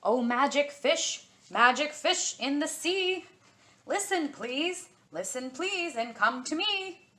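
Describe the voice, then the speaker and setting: A woman's voice: mid-range voice, animated, moderate pace, bright, forceful tone. A woman voicing a humble, kindly poor fisherman who speaks earnestly and meekly in a storybook reading. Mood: calling out. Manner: earnest and meek.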